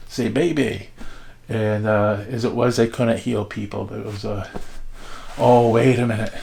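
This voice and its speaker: An older man with a gravelly voice, rambling casually through old newspapers with many fillers and asides. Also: mid-range voice. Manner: meandering, chatty, many fillers. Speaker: vlogger reading old newspapers. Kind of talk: casual rambling show-and-tell.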